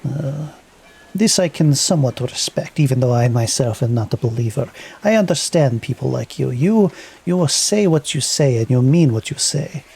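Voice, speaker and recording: A man doing a gravelly, hand-wringing merchant with a put-on accent. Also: medium pitch, animated, normal speed, darkish tone. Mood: confiding. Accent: put-on foreign accent. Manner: hesitant, hand-wringing haggler, full of fillers. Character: wary, haggling male merchant with many eyes.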